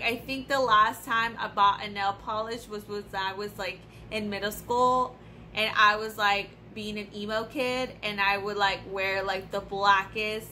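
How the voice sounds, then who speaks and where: A young beauty vlogger unboxes products casually, ranting bluntly and animatedly and swearing freely. Her voice is medium-pitched, with slight noise in the background.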